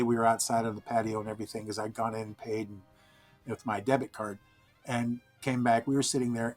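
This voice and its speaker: A man voice actor telling an excited story about being recognized by a fan. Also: medium pitch. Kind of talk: casual storytelling.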